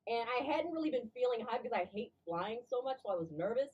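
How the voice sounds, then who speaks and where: A woman telling a story to friends in a casual vlog, animated, swearing freely, acting out what people said. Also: fairly high pitch, fast talker, breathy edge, far from the mic, highs cut off.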